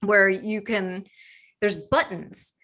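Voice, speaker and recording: A woman's voice: medium pitch, takes it slowly, a bit bright. A woman guest in a casual chat, talking with lots of fillers and frequent laughs.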